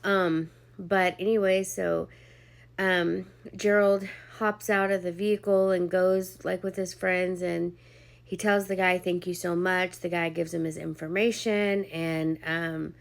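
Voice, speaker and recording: Young woman, lower voice, casual chatty storyteller, emotional testimony vlog. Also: little pitch movement, measured pace, vocal fry. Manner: chatty, heavy on "like" and "um", acts out quoted dialogue. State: emotional, near tears at points. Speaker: vlogger sharing a personal testimony.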